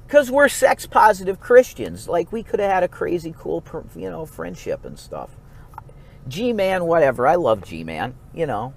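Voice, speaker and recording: A man vlogging in a rambling, profane monologue, swinging between low mumbles and sudden outbursts. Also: huge pitch swings, slow pace, pauses often.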